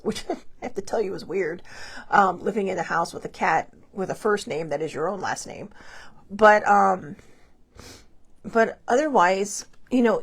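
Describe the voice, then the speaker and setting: Woman, host, casual talk, grieving, tearful, rambling, halting restarts. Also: mid-range voice, slightly rough.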